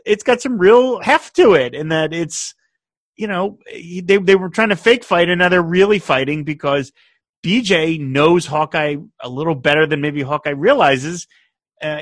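A man co-hosting a casual chat, animated, laughing often and quoting lines. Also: fairly high pitch, no room sound, studio quality. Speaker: podcast co-host.

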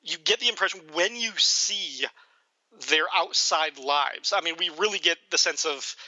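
Bright-voiced man chatting about a film. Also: on the high side, normal speed, no echo, highs cut off. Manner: animated, laughs often, acts out quotes. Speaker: podcast co-host. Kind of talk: casual film discussion.

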